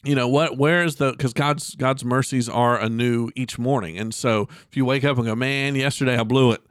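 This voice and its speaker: A man's voice: medium pitch, steady tone, no room sound, clean studio sound. A middle-aged man hosting a casual faith podcast, joking and often restarting his sentences. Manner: joking, halting with many restarts. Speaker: host. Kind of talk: casual Christian podcast chat.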